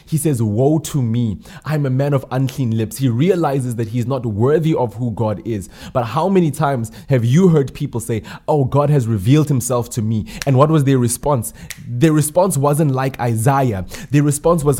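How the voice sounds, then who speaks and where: A man's voice: medium pitch, expressive, moderate pace, dark tone, husky. A man preaching a sermon, emphatic, repeating key phrases and asking the listeners rhetorical questions.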